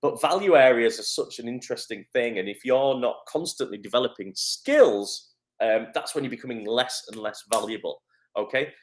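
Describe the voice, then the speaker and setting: During a live session, this middle-aged Northern English acting coach is upbeat and encouraging while he replies to comments from viewers. He talks at a normal speed in a medium pitch.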